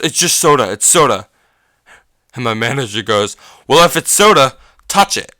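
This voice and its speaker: A man's voice: lowish voice, pushed and bright, clear, resonant tone, dry recording, studio quality. A young man hosting a casual podcast, telling a story in a rambling, profane way with many restarts and laughs. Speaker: podcast host.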